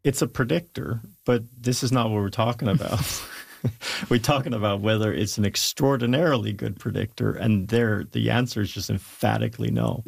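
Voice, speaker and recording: A man's voice: fairly low pitch, gravelly, husky, no echo. A man who is a scientist, giving an interview and explaining his research emphatically with asides. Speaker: scientist guest. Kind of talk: interview talk.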